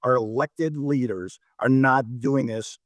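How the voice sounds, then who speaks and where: A man's voice: mid-range voice, steady tone, takes it slowly, dry recording. A middle-aged man from North Dakota, a mayor chatting casually on a discussion show, who often restarts and repeats words and tells anecdotes. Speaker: mayor, guest.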